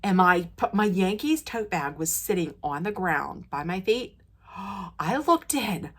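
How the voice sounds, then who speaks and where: At a measured pace, a woman recounts stories to her vlog camera in a relaxed manner, often breaking into laughter. Her voice springs high and loud in excited moments.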